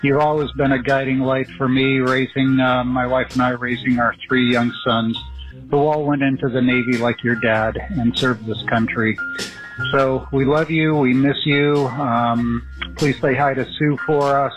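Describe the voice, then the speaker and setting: A man leaving a warm, grateful voicemail for a radio host, hesitating with fillers. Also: mid-range voice, steady tone, measured pace, soft background music, poor audio. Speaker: caller leaving a message.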